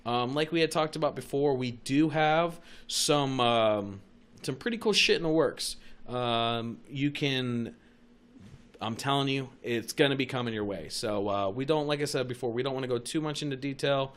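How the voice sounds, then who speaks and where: A man's voice: mid-range voice, moderate pace. A young man hosting a casual podcast, telling wild stories with constant swearing. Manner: profane, animated storytelling. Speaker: podcast host.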